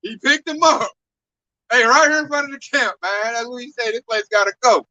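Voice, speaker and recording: A man preaching on a downtown street in an animated, slangy, exclamatory way. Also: very high voice, fairly quick, no echo, distant mic, rough recording.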